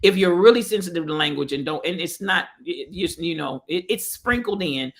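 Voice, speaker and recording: A show host speaking casually to viewers, conversational and halting, before playing a clip. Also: medium pitch, expressive, a bit bright. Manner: conversational, halting, with fillers and restarts. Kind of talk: casual motivational talk.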